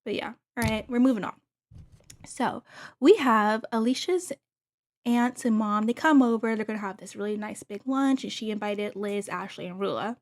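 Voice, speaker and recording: Casual female recap host, middle pitch, gossipy and gushing, talks straight to her viewers. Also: normal speed. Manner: chatty, gushing asides to viewers.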